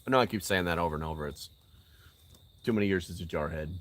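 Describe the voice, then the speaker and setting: A man's voice: low voice, quick pace, a bit bright. An older man hosting a casual live-stream chat outdoors by a fire. He is blunt and swears, and he drives his points with emphatic rhetorical questions. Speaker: channel host answering live chat.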